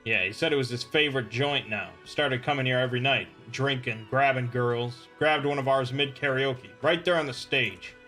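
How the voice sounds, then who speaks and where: Man reading game text aloud, bright voice, middle pitch, faint music behind. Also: normal speed, hardly any pauses. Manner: switches between narration and gruff shouted character lines. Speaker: let's play host reading game dialogue.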